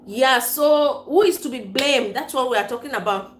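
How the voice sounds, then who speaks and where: A woman's voice: high voice, normal speed. Laughing Cameroonian woman in an echoey room. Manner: laughs often, mixes pidgin and English. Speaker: livestream host. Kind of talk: casual livestream chat, reading viewer comments. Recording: roomy echo, faint room noise.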